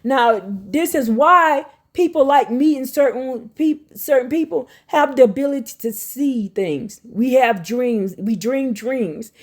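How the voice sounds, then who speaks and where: Emphatic woman addressing viewers. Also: high-pitched. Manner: emphatic, rambling, confrontational toward viewers. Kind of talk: direct-to-camera religious monologue.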